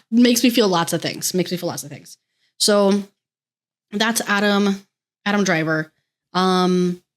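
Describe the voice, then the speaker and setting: A young American woman hosting a podcast, chatting on her own in a gushing, rambling way and swearing freely. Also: mid-range voice. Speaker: podcast host. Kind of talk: casual solo podcast chat.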